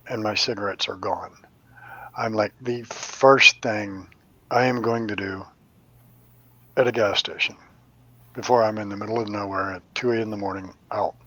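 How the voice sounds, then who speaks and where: A man's voice: lowish voice, no room sound, low-quality recording. A middle-aged man, a medium, telling stories in casual chat. He swears freely and acts out the voices of the people in his stories. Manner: animated, profane storyteller acting out voices.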